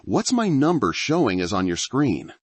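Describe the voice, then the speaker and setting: A man's voice: mid-range voice, huge pitch swings, normal speed, slightly rough, dry recording, pitched above the performer's own voice. A man voicing a desperate middle-aged father who is a doctor, speaking urgently and insistently.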